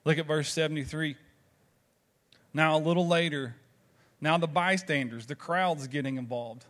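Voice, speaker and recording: Southern man preaching, fairly high voice. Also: normal speed, fairly bright tone. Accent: Southern American. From Southern United States. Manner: conversational storytelling with rhetorical questions. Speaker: pastor. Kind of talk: sermon.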